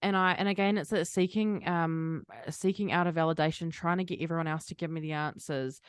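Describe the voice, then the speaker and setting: A woman's voice: lowish voice, steady tone, brisk, clear, resonant tone, no echo, studio quality. A young woman co-hosting a podcast in casual chat, swearing and restarting her sentences. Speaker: podcast co-host.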